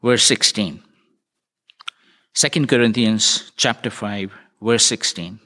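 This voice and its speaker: A man's voice: on the low side, slow pace, pauses often, bright, forceful tone. A man preaching a sermon, retelling a parable and putting earnest, searching questions to his listeners.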